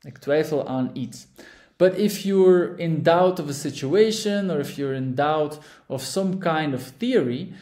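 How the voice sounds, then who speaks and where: A man's voice: a little high, measured pace, warm tone, echoey room. A man teaching a vocabulary lesson, stressing each word and checking in with "all right?". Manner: emphatic, drills words with frequent "all right?" checks. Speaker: language teacher.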